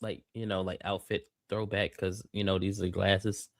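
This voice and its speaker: A man co-hosting a casual podcast, excitable and teasing, often laughing. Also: sits low, normal speed. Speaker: podcast co-host. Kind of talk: casual chat.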